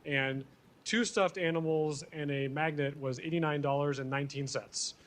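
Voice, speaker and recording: Male conference presenter, slightly higher voice, easygoing and self-deprecating, lots of ums. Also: fairly even intonation, normal speed, a bit bright. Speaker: real estate attorney presenting survey results. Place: conference venue, speaking to an audience.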